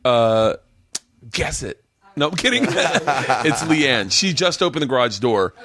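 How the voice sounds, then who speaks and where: A man's voice: on the high side, normal speed, a little hiss or hum. A man hosting a casual comedy podcast, joking around and laughing often as he talks. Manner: joking, laughs a lot, lively delivery. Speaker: podcast host. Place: hotel room.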